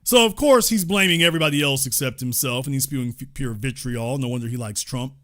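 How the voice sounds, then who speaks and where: A man's voice: mid-range voice, quick pace, fairly bright tone. A man hosting online political commentary, reading news quotes aloud and adding incredulous, sarcastic asides.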